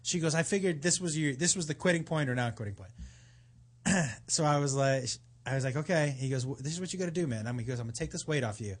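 A man telling a story in casual chat, animated and profane, acting out what others said. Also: fairly high pitch, quick pace. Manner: animated, profane, acts out quotes.

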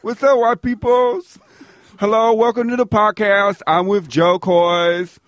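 Brief: man doing a showy, slow-drawling caricature character, high and over the top. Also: big pitch swings, dry recording, heavily acted. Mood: swaggering. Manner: exaggerated put-on caricature voice, swaggering greetings. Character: brash loud-mouthed male podcast character. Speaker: co-host. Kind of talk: comedy podcast bit.

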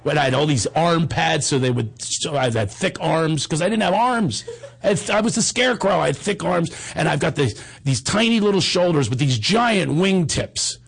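A middle-aged male host tells a comic story with lots of energy. His voice sits high and swoops around a lot, and it has a gravelly, husky grain. He keeps the story moving like a practiced storyteller. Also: moderate pace. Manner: animated, jokey storyteller who acts out the voices.

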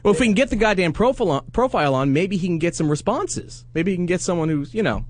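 A man's voice: sits high, lively intonation, fast talker. Guy cohost roasting his buddy, crude jokes, voice bouncing all over. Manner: teasing, crude and mocking. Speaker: co-host. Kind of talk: casual comedic banter.

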